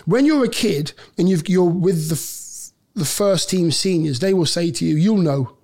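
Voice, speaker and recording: Animated man telling a football story. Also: sits high, moderate pace. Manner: animated storyteller, laughs often, acts out quotes. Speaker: podcast guest, former footballer. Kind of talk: storytelling anecdote in a podcast interview.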